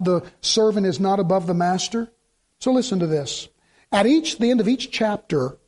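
In his sermon, a middle-aged male pastor speaks with a strikingly high voice. He tells stories energetically, takes on the voices of those he quotes, and repeats points for emphasis.

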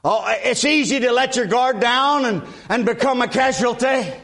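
Older preacher guy from alabama, very high voice, folksy, says amen a lot. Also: normal speed, fairly bright tone. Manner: folksy, repeats himself, frequent amens. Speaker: guest preacher. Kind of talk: sermon.

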